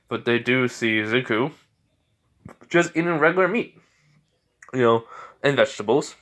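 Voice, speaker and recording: A man's voice: medium pitch, fairly bright tone, clean tone. Rambling casual male storyteller. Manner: rambling, many fillers and restarts. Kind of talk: casual fan story retelling.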